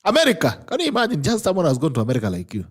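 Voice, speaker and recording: A man's voice: a little high, huge pitch swings, very fast, breathy edge. A Kenyan man hosting a casual talk show, switching between English and Swahili and laughing often. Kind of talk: casual chat, reading viewer comments.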